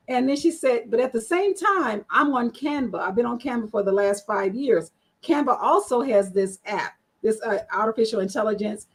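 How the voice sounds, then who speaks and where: A woman's voice: a little high, husky, low-quality recording. A woman guest on an online panel show, chatty and frank, telling her story with many fillers. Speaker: guest, marketing strategist.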